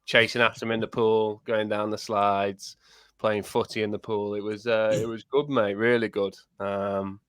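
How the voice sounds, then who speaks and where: A man's voice: lowish voice, flat delivery, moderate pace, a bit bright, clear, resonant tone, no room sound. Bloke, laughing his way thru a story, swears a lot, dead dry sound. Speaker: podcast co-host. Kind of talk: casual chat.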